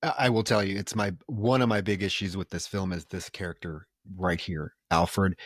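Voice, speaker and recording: A man's voice: low-pitched, steady tone, normal speed, fairly bright tone, no echo. Podcast guy ranting about a movie, swears a lot, acts out the lines, dry close sound. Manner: blunt and profane, acts out characters' lines. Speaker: podcast co-host. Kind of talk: casual film review chat.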